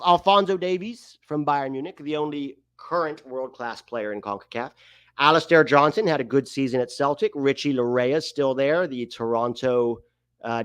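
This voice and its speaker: A man's voice: medium pitch, clear, resonant tone, dry recording. A man hosting a casual soccer commentary video, chatty, thinking aloud and humming while he searches. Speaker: host.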